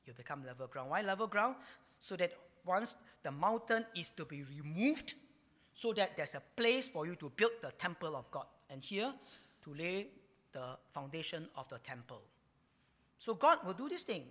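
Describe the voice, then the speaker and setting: A man pastor preaching a sermon, his bright, forceful voice swinging up and down with plenty of life. He keeps tagging phrases with a drawn-out "ah". The sound has the long reverb of a church hall. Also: on the high side. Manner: animated, ends phrases with a drawn-out "ah".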